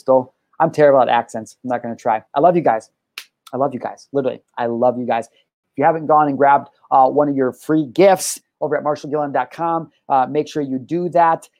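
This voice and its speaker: A man hosting his own live-streamed talk show, talking in an energetic, rambling, upbeat way with loud whoops. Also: on the high side, dry recording. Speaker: show host.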